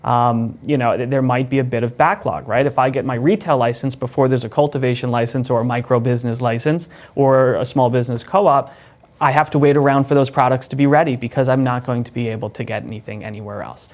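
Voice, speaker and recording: A man, a guest in an interview, explaining rules in a measured, methodical way with frequent "you know" and "right?". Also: mid-range voice, fairly even intonation, a little mellow. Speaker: cannabis licensing lawyer, guest.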